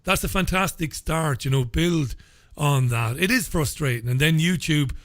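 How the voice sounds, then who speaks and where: On a live radio interview, the host, an Englishman with an Irish accent, is effusive and keeps repeating words as sentences begin. His fairly high voice comes at a normal speed in a clean studio recording with no room sound.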